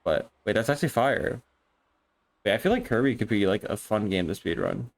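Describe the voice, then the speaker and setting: A young man chatting casually on a live stream, excitable and rambling, swearing often and restarting his sentences. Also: lowish voice, a little fast, vocal fry.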